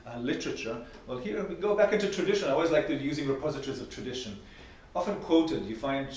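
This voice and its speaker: A man's voice: medium pitch, distant mic. Male lecturer, conversational academic talk, rhetorical questions, heavy room echo, dull muffled sound. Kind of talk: academic workshop presentation. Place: seminar room. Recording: very echoey, dull room recording.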